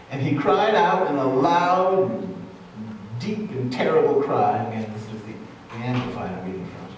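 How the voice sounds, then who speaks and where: A man preaches slowly and deliberately, leaning on single words and repeating them for emphasis. His voice sits a little high for a man. It rings through a very echoey church, picked up from some distance with faint hiss behind it. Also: a little mellow. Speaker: pastor. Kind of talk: sermon. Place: church sanctuary.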